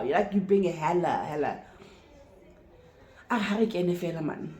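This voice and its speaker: Young South African woman, Sesotho-tinged English, casual storytime vlogger, low warm voice, roomy sound. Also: normal speed, pauses often. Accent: South African, Sesotho-speaking. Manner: animated, swears freely, acts out both sides of the story.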